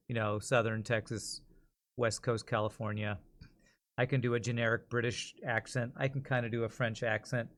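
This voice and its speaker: A man's voice: medium pitch, a bit bright. A man streaming and chatting casually, often restarting and rambling between thoughts. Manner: rambling, self-correcting, chatty.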